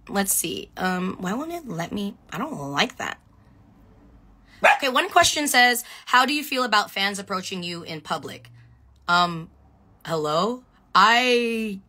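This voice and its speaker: A woman chatting excitedly on a phone live stream, answering viewer questions and shouting out fans. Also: medium pitch. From Filipino background. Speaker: reality show contestant on a live stream.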